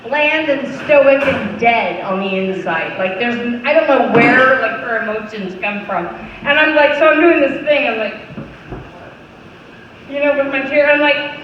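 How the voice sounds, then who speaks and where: A young adult woman doing stand-up comedy, animated and profane, talking straight to the crowd. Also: high voice, unhurried, dull audio, a little hiss or hum. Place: comedy venue. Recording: echoey club mic heard from far off.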